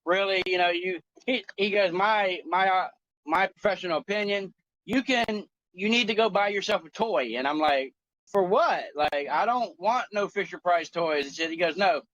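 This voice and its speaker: A man in his forties with a high-pitched voice tells a long, crude story in a lively, swearing, joking way. The sound is dry and close, but a little muffled and lo-fi. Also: moderate pace, no echo. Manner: animated storytelling, profane and joking. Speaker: co-host. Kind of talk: casual chat.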